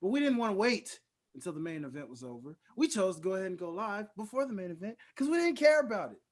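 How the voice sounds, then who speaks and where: A man's voice: sits high, sing-song, fast. A man hosting a casual talk show, laid-back and echoing his co-host's points. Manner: laid-back, echoes and agrees with his co-host. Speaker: show host. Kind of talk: casual chat.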